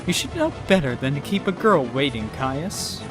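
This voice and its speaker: A man's voice: a little high, very animated, normal speed, music in the background. A man reading the lines of a cunning, teasing young woman spy from a video game in a smug tone.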